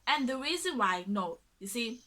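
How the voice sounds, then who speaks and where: A young woman, telling a dating story in a casual storytime vlog, animated and sometimes dropping to a mutter. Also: fairly high pitch, moderate pace. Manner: animated, drops to a mutter when dismissive.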